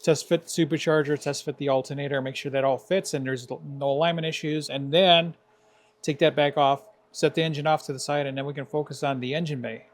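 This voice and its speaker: A man's voice: a little high, steady tone, fairly quick. A man hosting a garage show, chatting casually and playfully with a co-host while finishing an engine build. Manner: joking, playful wordplay.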